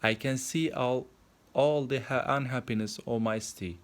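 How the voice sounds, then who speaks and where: Man reading a sad statue prince from a storybook, plain, calm, no big acting. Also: mid-range voice, normal speed, close to an everyday voice. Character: sorrowful golden statue prince, male.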